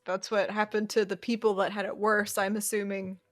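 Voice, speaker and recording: A woman co-hosting a podcast talks through a film in a loose, chatty recap, her voice sitting at an ordinary middle pitch. She laughs easily and stalls on small fillers as she retells scenes. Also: little pitch movement, a little fast. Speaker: podcast co-host. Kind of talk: casual chat recapping a horror film.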